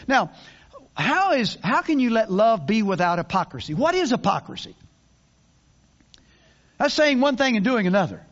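A man's voice: high voice, sing-song, moderate pace, long pauses, highs cut off. An older man preaching a sermon in a folksy, conversational way, with many restarts and asides. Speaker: pastor.

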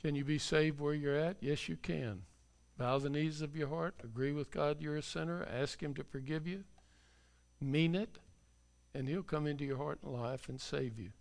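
A man's voice: a little high, normal speed, vocal fry. A middle-aged male pastor preaching in a church, telling a folksy story before turning to an earnest call to faith. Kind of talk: sermon.

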